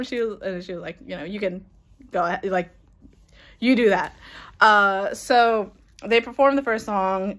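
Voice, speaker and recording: A young woman telling an excited, rambling story in casual chat, laughing and swearing as she goes. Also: mid-range voice. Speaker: vlogger.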